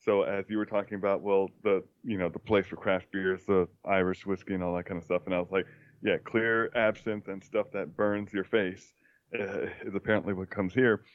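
A man who tells wry stories in a halting way, stopping and restarting as he goes. His voice is low and the sound is slightly dull and dry. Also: little pitch movement, no room sound. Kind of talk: casual chat.

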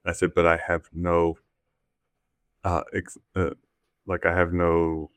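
A man grumbling in a deadpan way during casual banter. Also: low voice, slow pace, clean tone, dry recording.

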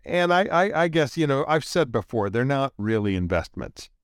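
Lively, teasing male podcast co-host. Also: mid-range voice, normal speed, smooth, no echo, studio quality. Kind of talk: casual chat.

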